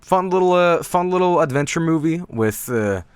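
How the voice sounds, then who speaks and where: A man's voice: on the high side, lively intonation, normal speed, clean tone, no echo. A man chatting casually on a stream, rambling with lots of fillers and restarts and swearing now and then.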